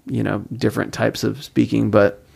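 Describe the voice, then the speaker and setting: Creaky-voiced man rambling through a podcast. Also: lowish voice, flat delivery, moderate pace, darkish tone. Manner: rambling, laughs often mid-sentence. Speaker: podcast co-host. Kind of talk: casual chat.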